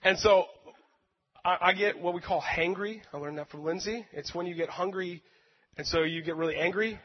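High-voiced man preaching in an echoing hall. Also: normal speed, husky. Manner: earnest, emotional, self-deprecating storytelling. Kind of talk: sermon with personal story. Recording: dull sound with long hall reverb.

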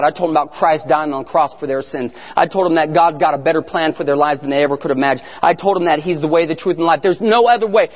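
A man giving an animated testimony sermon as a guest speaker, telling his story and sometimes shouting prayers. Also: on the high side. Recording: echoey hall, muffled sound.

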